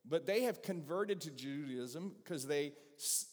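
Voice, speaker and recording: A Southern man preaching to his church in an easy, conversational way, often turning questions out to the people in the pews. His voice sits a little high for a man. It rings out with the long reverb of a large sanctuary. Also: expressive, measured pace, a little mellow. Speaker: pastor. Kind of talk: sermon.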